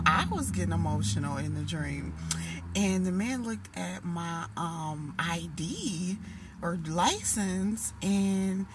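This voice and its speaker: A woman in her late thirties telling a long dream story in a casual, animated way, full of restarts. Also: on the low side. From Minnesota. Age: 30s. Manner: animated, emotional retelling with restarts. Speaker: vlogger. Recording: noisy background hiss.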